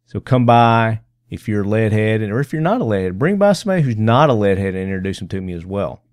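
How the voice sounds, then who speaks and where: A man's voice: lowish voice, sing-song, fast talker, darkish tone, clear, resonant tone, dry recording, clean studio sound. A man hosting a podcast, talking loosely and jokily with lots of fillers, recording at a busy convention booth. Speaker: podcast host. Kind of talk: casual podcast chat. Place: convention booth on a show floor.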